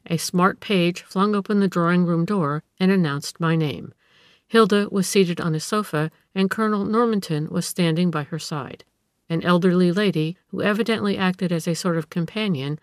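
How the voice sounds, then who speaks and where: A woman narrating a classic tale in a steady, measured way. Her voice sits on the low side and sounds dry and close to the mic, with no room around it. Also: no room sound. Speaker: audiobook reader. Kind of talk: scripted narration of a classic story.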